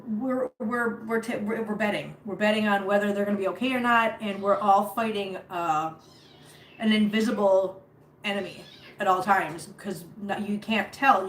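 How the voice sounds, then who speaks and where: Chatty woman streaming among her cats. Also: mid-range voice. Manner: rambling, chatty, with many fillers and restarts. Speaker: cat rescuer streaming live. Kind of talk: casual live-stream chat. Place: home, sitting on the floor among cats. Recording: roomy home recording, faint background hum.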